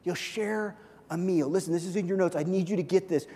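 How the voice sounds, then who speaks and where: A man preaching a sermon with a high voice that rings out in a large hall with a long reverb. He swings between loud, urgent passages and hushed, near-quiet moments, and slips into quoted voices as conversational asides. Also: brisk. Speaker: pastor.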